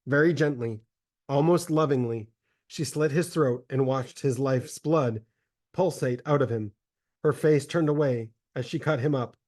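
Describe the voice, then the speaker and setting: A man narrating a religious text in a grave, measured dramatic reading. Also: medium pitch, darkish tone.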